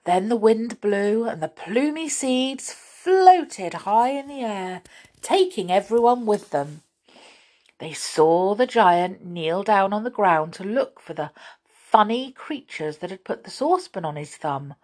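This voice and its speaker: A woman reading a children's storybook aloud as the storyteller, in an expressive, lively way. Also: mid-range voice, slow.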